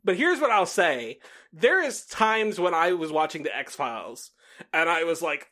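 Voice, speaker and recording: A man's voice: fairly high pitch, sing-song, a little slow, pushed and bright. A man co-hosting a podcast in casual chat, swearing freely, laughing often and acting out what other people say. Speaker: podcast co-host.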